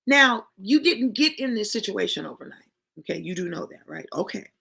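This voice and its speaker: A woman's voice: sits high, fairly quick, gravelly, a bit bright. A woman giving an emphatic, preachy motivational talk who calls her listeners y'all and honey. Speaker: motivational speaker.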